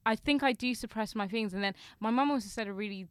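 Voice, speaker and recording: A woman's voice: a little high, fast talker, clean tone, dry recording. Candid woman in a dry close mic. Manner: candid, rambling, blunt. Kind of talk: casual chat.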